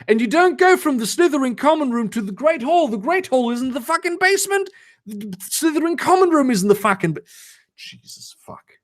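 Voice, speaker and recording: Sarcastic young man with a lively voice. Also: extremely high pitch, fairly quick. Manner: sarcastic, swearing, animated asides. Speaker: streamer reading fanfiction aloud. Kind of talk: comedic live-stream reading with commentary. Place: home, lives in Germany.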